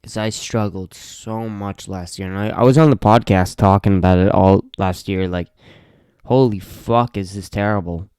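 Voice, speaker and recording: A man's voice: low-pitched, fairly even intonation, normal speed, few pauses, a little mellow, smooth, no room sound. A teenage guy hosting his own podcast, venting with lots of swearing and repetition in a casual solo rant from a home podcast room. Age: late teens. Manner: profane, venting frustration, repeats himself. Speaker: podcast host.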